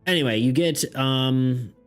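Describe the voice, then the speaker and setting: A man's voice: medium pitch, a little slow, clean tone, soft background music. Rambling, laughing man running a tabletop game. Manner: rambling, laughs often, many fillers. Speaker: game master and streamer. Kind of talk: casual narration of a streamed tabletop game.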